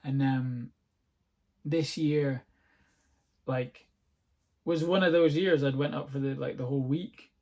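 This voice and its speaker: Scottish comic, young, solo home podcast, loose rambling chat, sweary, quick to laugh. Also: male voice, medium pitch, fairly even intonation, darkish tone. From north-east Scotland. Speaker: comedian and podcast host. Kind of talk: casual solo podcast monologue. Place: at home on a sofa-bed seat.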